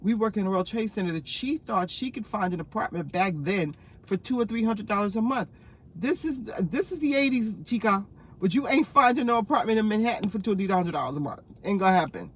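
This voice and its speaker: Woman, 50s, from New Jersey; casual vlogger, rambling anecdotes, quick laughs, lots of asides. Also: medium pitch, animated, a little hiss or hum. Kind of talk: casual storytelling to camera.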